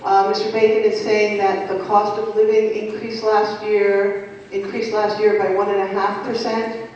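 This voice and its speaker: A moderator calmly chairs a town meeting and restates points so that everyone hears them. The sound is dull and distant. A long hall reverb trails every phrase. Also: mid-range voice, moderate pace, slight background noise. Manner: apologetic, careful, restating speakers.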